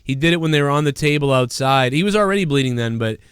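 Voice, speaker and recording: A man's voice: medium pitch, lively intonation, quick pace, clean tone, no echo, studio quality. A man hosting a live wrestling talk stream, chatting casually and rambling with plenty of swearing. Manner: rambling, profane, breaks into loud mock impressions.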